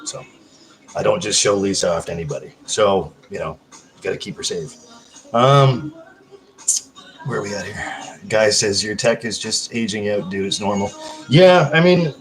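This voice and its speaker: A man with a lowish voice speaks animatedly at normal speed with long pauses, captured on a low-quality recording. As a casual livestream host, he rambles and swears while reading viewer comments aloud, all in a hyper manner.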